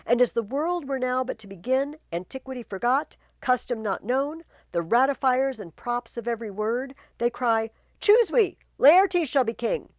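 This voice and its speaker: A woman reading the part of a frantic male royal messenger, declaiming verse loudly and urgently. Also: a little high, animated, moderate pace, few pauses, no echo, studio quality, pitched above the performer's own voice, natural voice. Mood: alarmed.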